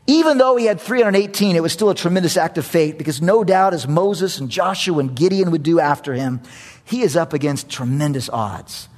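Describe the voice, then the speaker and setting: A man preaching a sermon, telling a story with animated energy and repeating phrases for emphasis. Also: a little high, fairly quick.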